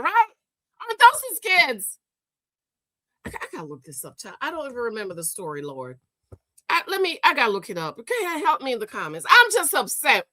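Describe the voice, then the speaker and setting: Animated, high-voiced woman scolding. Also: no echo. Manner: exasperated, scolding, repeats herself. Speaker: host. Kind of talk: celebrity gossip commentary.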